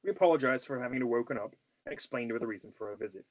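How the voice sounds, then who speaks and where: Man, solo board game host, husky, animated pitch, thinking aloud, reading case text. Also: racing, no echo, lo-fi sound. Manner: thinking aloud, stammering restarts. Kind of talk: solo tabletop play-through with case reading.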